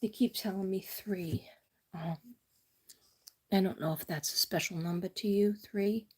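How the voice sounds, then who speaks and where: A woman's voice: medium pitch, steady tone, measured pace, husky. Chatty New York woman reading tarot. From Staten Island, New York. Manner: chatty, rambling, drifts into personal stories. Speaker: tarot reader. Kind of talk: casual intuitive tarot reading.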